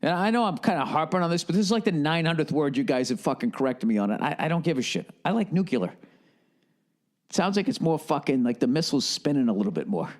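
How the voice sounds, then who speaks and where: Sarcastic man ranting, swinging pitch. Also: expressive, fast talker, a little mellow. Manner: mocking, incredulous questions. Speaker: podcast host. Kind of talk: comedic podcast rant.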